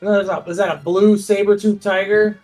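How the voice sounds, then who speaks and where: A man's voice: sits high, little pitch movement, a little fast, darkish tone, faint music behind. A man explaining game lore in a nerdy way during casual gaming chat.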